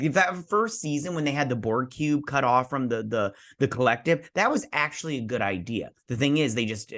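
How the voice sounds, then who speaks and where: A man in his thirties giving a casual, spoiler-filled review of a TV episode. He talks in an excitable, rambling way, full of "like" and quick restarts. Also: medium pitch. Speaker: TV show reviewer.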